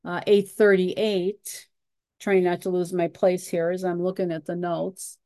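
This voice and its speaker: A woman's voice: lowish voice, little pitch movement, unhurried, warm tone, dry recording. A woman leading a Bible study who reads scripture passages aloud and explains them with frequent fillers and repeated words.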